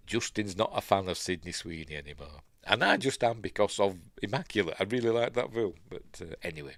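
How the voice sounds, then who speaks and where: A man's voice: lowish voice, lively intonation, brisk, no echo. A man with a Yorkshire accent hosting a casual live stream, rambling as he reads news and chat comments aloud and adds his own asides. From Yorkshire, England.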